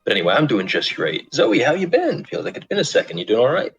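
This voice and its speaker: A man co-hosting a casual gaming stream, chatting in fast joking banter. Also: mid-range voice, huge pitch swings, breathy edge, lo-fi sound, faint music behind. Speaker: stream co-host.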